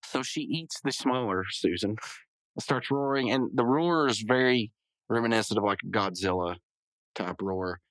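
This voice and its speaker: A man's voice: mid-range voice, normal speed, a bit bright, no echo, rough recording. A man hosting a podcast, casually recapping a cartoon episode in a rambling way and often correcting himself. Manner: rambling, self-correcting, full of hedges and asides. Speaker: podcast host.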